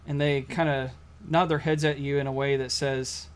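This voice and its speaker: A man narrating a tabletop role-playing game as game master, casual and halting with many fillers. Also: medium pitch, level tone.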